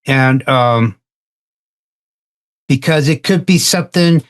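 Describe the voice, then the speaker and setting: Man telling a halting anecdote. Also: medium pitch. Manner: halting, repeats words while telling an anecdote. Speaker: roundtable participant. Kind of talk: casual discussion, storytelling.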